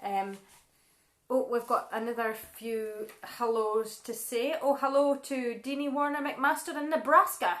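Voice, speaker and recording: A woman's voice: a little high, steady tone, a little slow, fairly bright tone. A Scottish woman chatting casually at home between songs, reading out viewers' messages and apologising now and then. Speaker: singer and live stream co-host. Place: living room at home. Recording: echoey room.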